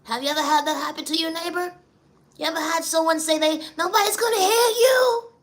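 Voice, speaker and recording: A squeaky, bright, preachy encourager. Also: male voice, a little fast. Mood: gentle. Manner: preachy, repeats "neighbor" and "you know". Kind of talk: spoken-word pep talk.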